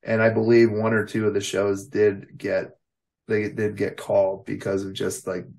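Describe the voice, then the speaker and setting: Gravelly low-voiced American man rambling. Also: monotone, normal speed, darkish tone. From United States. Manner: rambling anecdotes full of "you know" and "like". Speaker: veteran pro wrestler, interview guest. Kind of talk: casual storytelling interview.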